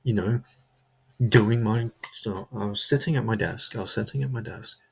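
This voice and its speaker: A man's voice: lowish voice, moderate pace, vocal fry, slight background noise. A man delivering a comedic character monologue, rambling and stammering, repeating himself as he justifies himself.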